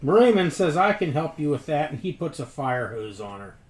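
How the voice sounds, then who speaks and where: Mid-pitched player, quick jokes and chuckles, roomy echo. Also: sing-song, darkish tone. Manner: jokey, chuckling asides. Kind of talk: casual tabletop play.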